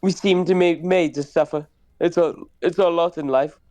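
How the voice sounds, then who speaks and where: A man's voice: on the high side, steady tone, moderate pace, darkish tone, dry recording, voice pushed up, natural voice. A man voicing a fussy, anxious male protocol robot who frets, complains and speaks primly. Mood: fretful. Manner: prim, fretful, complaining.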